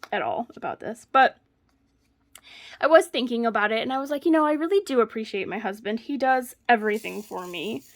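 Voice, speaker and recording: A woman vlogger chatting casually while she crafts at home, telling a story with frequent laughs. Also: on the high side. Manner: chatty storyteller, laughs often mid-sentence.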